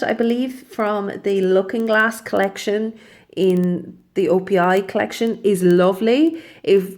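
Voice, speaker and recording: A young woman chatting casually through a nail polish review, rambling and often correcting herself mid-sentence. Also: mid-range voice. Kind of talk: casual product review vlog.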